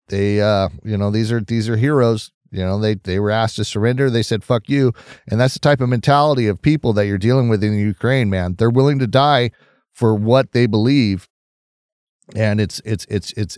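Low-voiced man in dry commentary. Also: darkish tone, no room sound. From Southern California. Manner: conversational, opinionated, reacts to news aloud. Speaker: host of a news commentary stream. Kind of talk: casual news commentary.

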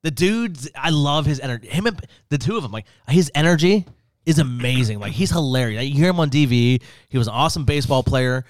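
A man's voice: mid-range voice, animated, a little fast, no echo. Male podcast host, eager rambling storyteller, mid voice, dead-dry room. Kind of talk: casual chat.

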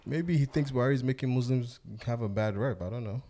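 A man co-hosting a casual group podcast chat. He is relaxed and laughs often. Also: mid-range voice, fast, slight background noise. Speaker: podcast co-host.

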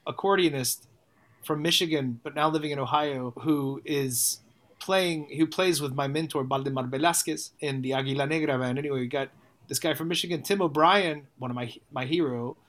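A man, a songwriter, talking casually in an interview, animated and rambling, with frequent restarts and swearing. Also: fairly high pitch, normal speed. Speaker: songwriter and musician guest.

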